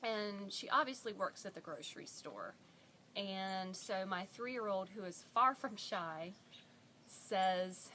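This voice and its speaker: A mother telling a funny story about her toddler in an expressive, animated way, recorded as an audition. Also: medium pitch, slow, a little hiss or hum.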